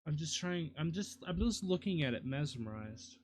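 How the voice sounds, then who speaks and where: A man's voice: fairly high pitch, animated, moderate pace, a little mellow, a little hiss or hum. A man streaming live, casually muttering to himself and apologizing, self-deprecating as he works on a 3D model.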